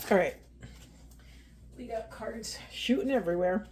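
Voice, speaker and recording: A woman's voice: on the high side, unhurried, pauses often, mellow, husky. A woman giving a heartfelt spiritual card reading, speaking directly and earnestly to her viewers. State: tearful and emotional. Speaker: tarot and oracle card reader.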